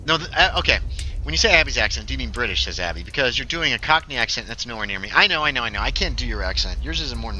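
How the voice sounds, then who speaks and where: A man's voice: medium pitch, bright, forceful tone, a little hiss or hum, poor audio. A man chatting casually while streaming a story game, joking with his viewers. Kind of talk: casual gaming livestream commentary.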